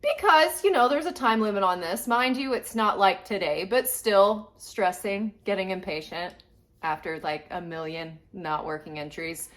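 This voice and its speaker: A woman's voice: mid-range voice, fairly bright tone. A woman vlogger venting in a rambling, frustrated casual rant to her viewers. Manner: frustrated, rambling, quick asides. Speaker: collector vlogger.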